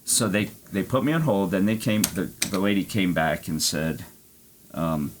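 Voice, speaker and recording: A man's voice: sits low, animated, moderate pace, background noise. A man streaming an arcade golf game, telling a rambling story and swearing freely. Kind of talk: casual chat.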